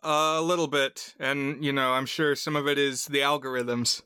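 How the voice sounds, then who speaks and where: A man co-hosting a podcast in casual chat, relaxed and quick to laugh while retelling clips. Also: mid-range voice, smooth, no echo, clean studio sound. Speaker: podcast co-host.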